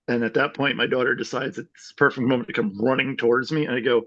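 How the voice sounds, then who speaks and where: A man in a group call telling a funny story, animated and swearing freely. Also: medium pitch, fast talker, vocal fry, few pauses, dull audio. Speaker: group member. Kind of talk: casual storytelling.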